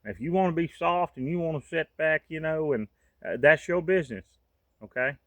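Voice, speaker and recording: A man's voice: fairly high pitch, expressive, normal speed, fairly bright tone, no echo. A man, from the United States, giving a fervent, folksy monologue to camera as a vlogger.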